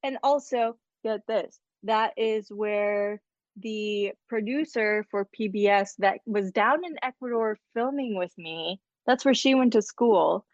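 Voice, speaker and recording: A woman's voice: medium pitch, no room sound. Chatty Midwestern woman with a dull, dry mic. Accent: Midwestern American. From American Midwest. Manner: chatty, giggly, quick asides. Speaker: guest scientist. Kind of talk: casual chat.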